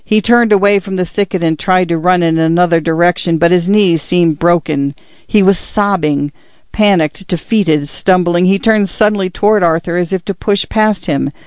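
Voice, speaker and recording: A man narrates a tense literary story in a measured, dramatic way. His voice sits fairly high for a man. The recording is dry and close, with a slightly muffled, dull tone. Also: fairly even intonation, dry recording. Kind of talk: audiobook narration.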